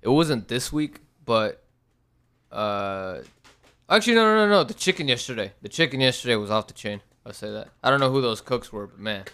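A man's voice: mid-range voice, expressive, a little fast, bright, forceful tone, clean tone. A man co-hosting a podcast in loose casual banter, laughing often and tripping over his words as he rambles. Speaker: podcast co-host.

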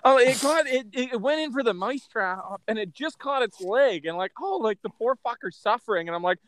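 A man's voice: very high-pitched, animated, brisk, a bit bright, no echo. A man hosting a casual podcast from his truck, joking and laughing often. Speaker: podcast host. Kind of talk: casual chat.

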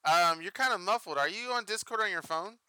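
A man's voice: sits high, fairly quick, bright, forceful tone, clean tone. A young man hosting a podcast in casual chat, laughing often and swearing freely. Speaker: podcast host.

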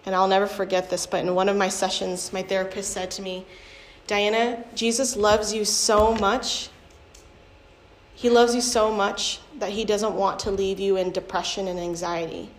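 A woman's voice: mid-range voice, little pitch movement, normal speed. A young adult woman giving a candid, conversational personal testimony, often using fillers as she talks. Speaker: speaker sharing a testimony. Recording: echoey room with faint ambient noise.

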